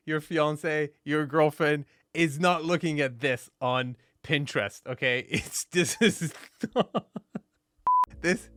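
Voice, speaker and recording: A man's voice: fairly high pitch, fairly bright tone, no room sound, clean studio sound. A man reacting to a property video with casual, wry commentary, laughing often and restarting his sentences.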